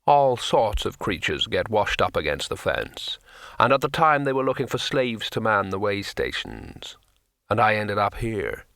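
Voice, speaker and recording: A man reading an audiobook puts on a huge, gentle troll who speaks slowly and sorrowfully, weighing each word. The voice sits low and dry, with a bright, forceful edge. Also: very animated, creaky, no echo, full character voice. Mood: reflective. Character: huge gentle melancholy male troll sailor. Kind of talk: audiobook character voice.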